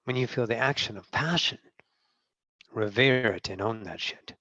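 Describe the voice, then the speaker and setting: A trans woman channeling spiritual teachings in a meeting, blunt and profane, swinging from low murmurs to loud outbursts. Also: moderate pace, no echo. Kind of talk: channeling session talk. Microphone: video call. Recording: dull, dry video call audio.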